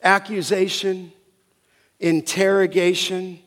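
A man preaching a sermon as pastor, deliberate and emphatic, asking the congregation rhetorical questions. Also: high-pitched, flat delivery, fairly bright tone, in a large hall.

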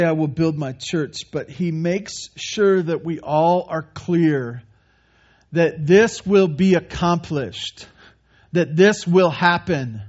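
A pastor preaching a sermon, earnest and stumbling over repeated words, shifting between forceful emphasis and quiet reflection. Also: male voice, a little high. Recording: dull lo-fi sermon recording.

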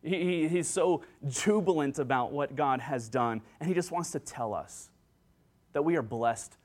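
An earnest, excitable pastor, a man with children, preaches a sermon into a handheld microphone, acting out joyful quotes. His voice is a little high and his pace is measured.

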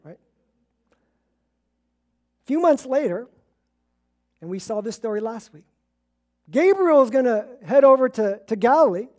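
A woman preaching a relaxed, conversational sermon, telling stories and chuckling as she acts out the people in them. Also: a little high, unhurried, pauses often. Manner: storytelling, acts out quoted voices, chuckles.

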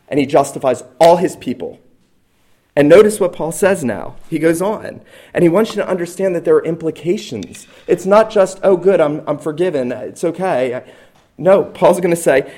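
A middle-aged male pastor delivering a sermon. His voice sits a little higher than most men's, and he presses hard on key phrases before sinking into quiet, low asides. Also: normal speed. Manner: emphatic, rising to loud stresses and then dropping low.

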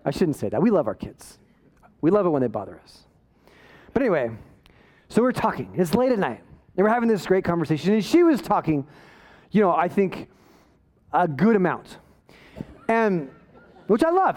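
A man's voice: high-pitched, sing-song, a little fast, long pauses, darkish tone. A man preaching a sermon, telling a self-deprecating story in a conversational way before building to emphatic preaching. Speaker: pastor.

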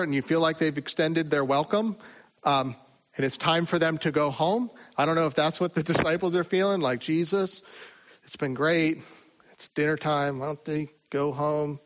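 A man preaching a sermon in a relaxed, conversational way, with rhetorical asides to the listeners. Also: on the high side, lo-fi sound. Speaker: pastor.

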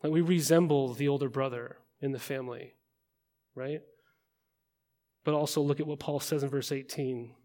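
A man's voice: medium pitch, steady tone, normal speed, pauses often, mellow, big-room sound. A man preaching a sermon to a room full of people, in a conversational manner that keeps checking in with rhetorical questions. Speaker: pastor. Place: large room with an audience.

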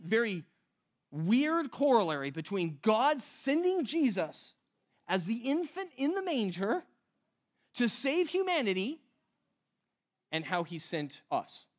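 A man preaching a sermon in a conversational way, often asking the room questions and slowing down to stress key words. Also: high voice. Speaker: pastor.

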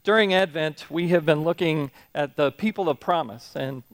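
Man, middle-aged, sermon, conversational, self-deprecating, fairly high voice, dry sound. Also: moderate pace, no room sound. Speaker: pastor. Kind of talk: sermon with humorous anecdotes.

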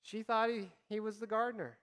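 A man preaches a sermon as a pastor, reading scripture and acting out imagined conversations in a conversational style. His high-sitting voice is a little fast and fairly bright, with fairly even intonation, and it rings through a reverberant hall.

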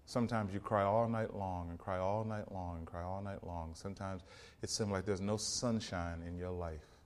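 A man's voice: steady tone, moderate pace. Man preaching a rousing sermon. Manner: swings from loud rousing peaks to hushed low passages; quotes scripture in King James wording.

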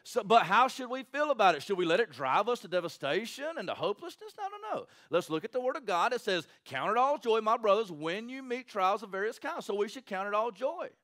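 Guy preaching a sermon, high voice that jumps all over, chatty with lots of "right?". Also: brisk, few pauses. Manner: animated, conversational preaching with frequent "right?" asides. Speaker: pastor.

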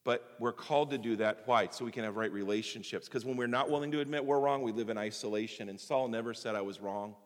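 A man pastor preaching a sermon, swinging from loud emphatic exhortation to hushed, intimate tones. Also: medium pitch, big pitch swings, quick pace, few pauses. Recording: hall reverb.

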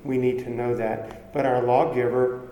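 Preaching earnestly and conversationally, a man speaks in a mellow, medium-pitched voice at a moderate pace with a level tone. He often restarts phrases and acts out quoted voices, recorded in an echoey hall with faint ambience.

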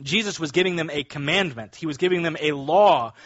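A man preaching a morning sermon, telling a story and then building to emphatic, slow scripture readings. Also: on the high side, a bit bright, no room sound, muffled recording. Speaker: pastor.

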